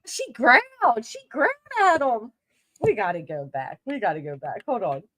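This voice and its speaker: A woman commenting on an online feud, her somewhat high voice swinging widely as she laughs and jokes bluntly. She sounds close and dry, with no room around her. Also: wildly swooping pitch, normal speed, pushed and bright, no echo. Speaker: drama commentary host. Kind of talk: casual reaction commentary.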